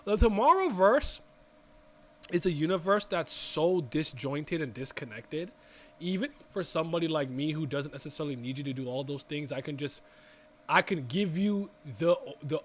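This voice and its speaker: Young male co-host, higher voice, loose and profane, keeps restarting sentences. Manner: animated, swearing, rambling restarts. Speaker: podcast co-host. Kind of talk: casual chat.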